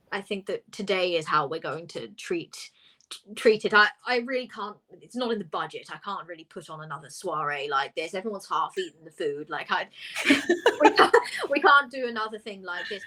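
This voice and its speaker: A woman voicing a harried town mayor who talks in a rushed, hesitant, apologetic way. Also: medium pitch, expressive, sharp tone. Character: harried town mayor fretting over budget.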